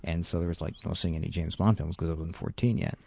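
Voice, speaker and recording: A man's voice: sits low, fairly even intonation, quick pace, creaky, warm tone, husky, no room sound. A man from Quebec chatting casually in a group film commentary, rambling and playful.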